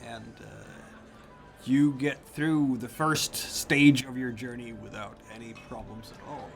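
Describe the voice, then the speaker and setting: A man narrating as game master of a tabletop game, describing scenes in slow, halting sentences with fillers. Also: mid-range voice.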